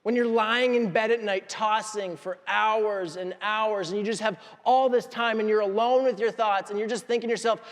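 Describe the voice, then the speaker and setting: A pastor with a high voice preaches a lively sermon. He acts out the people in his story and jokes with the congregation. His voice rings out with the long reverb of a church hall. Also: fairly quick, few pauses. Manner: animated storytelling, acting out voices.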